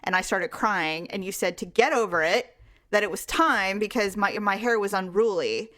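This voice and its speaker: A woman's voice: mid-range voice, normal speed. A middle-aged woman co-hosting a podcast, telling a family story in casual chat and acting out the voices she quotes. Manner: animated storytelling, acts out quoted voices, laughs often. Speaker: podcast co-host.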